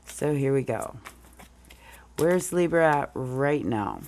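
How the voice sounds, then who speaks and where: Lady doing a tarot read, kinda under the weather, morning voice, slow and rambly. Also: very deep voice, animated, darkish tone, a little hiss or hum. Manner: meandering, talks through the cards as she goes. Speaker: tarot reader. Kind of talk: casual tarot reading.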